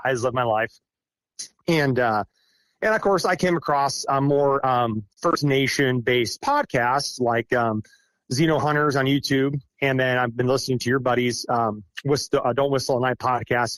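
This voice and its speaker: A young man from Iowa, a forestry contractor, recounts his experiences as a podcast guest in a halting, rambling way with frequent restarts and chuckles. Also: mid-range voice, fairly bright tone, no room sound. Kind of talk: casual storytelling interview.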